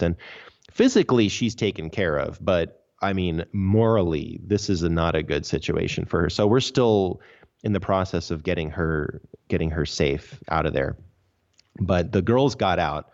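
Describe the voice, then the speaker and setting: A man's voice: deep voice, moderate pace, gravelly, a little mellow. A man, a podcast guest, recounting his story earnestly and emphatically in a casual interview. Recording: dull lo-fi audio.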